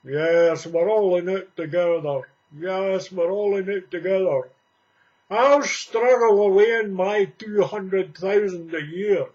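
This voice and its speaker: A man's voice: high-pitched, takes it slowly, darkish tone, highs cut off. An older man putting on a to mock a smug, wealthy male politician, plummy and condescending.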